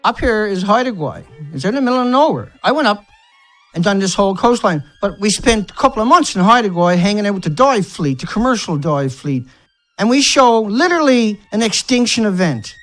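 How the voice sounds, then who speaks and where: Over soft background music, a man rants furiously as an environmental activist, piling up insults and rhetorical questions and cursing now and then. His voice sits high and sounds sing-song and a bit bright, and he talks briskly.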